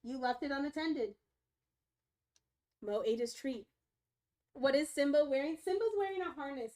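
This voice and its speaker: High-pitched young woman streaming from home, chatty, baby talks her dogs. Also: moderate pace, pauses often, darkish tone. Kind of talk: casual live-stream chat.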